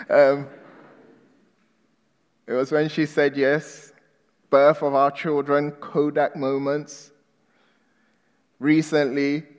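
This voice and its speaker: A male preacher delivering a sermon, quizzing the congregation with emphatic questions and dropping to a hushed tone for appeals. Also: on the high side. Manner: drops to a hushed, reflective tone for appeals. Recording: long reverb of a large hall.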